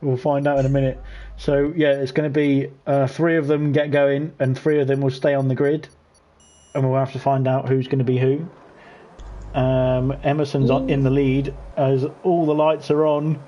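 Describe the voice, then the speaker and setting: This is a man hosting a live online racing event. His voice sits at an ordinary mid pitch, and his talk is casual and rambling. He laughs often while calling the action. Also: level tone, moderate pace, dark tone. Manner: laughs often while talking, loose and chatty. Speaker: host of an online racing league. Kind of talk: casual live race commentary.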